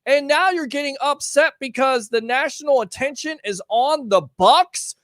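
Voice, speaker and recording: A man's voice: very high voice, normal speed, fairly bright tone, no echo, clean studio sound. A man hosting a call-in sports talk show, teasing callers and firing off rhetorical questions. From Tampa Bay area.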